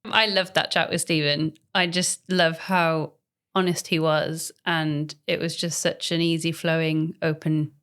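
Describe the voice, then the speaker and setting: Lower-voiced woman, encouraging co-host. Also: little pitch movement, measured pace, a bit bright. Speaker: podcast co-host. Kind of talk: casual chat.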